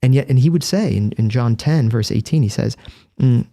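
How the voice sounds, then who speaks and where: A man's voice: medium pitch, normal speed, gravelly, warm tone, no echo. A man, a Catholic priest and guest, explaining in earnest, vivid storytelling with a close studio microphone. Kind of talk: conversational explanation.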